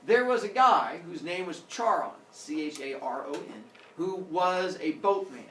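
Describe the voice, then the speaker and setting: A male teacher telling a story to his class in an animated way, acting out characters with sound effects. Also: high-pitched, unhurried, a little hiss or hum. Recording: echoey classroom from far off.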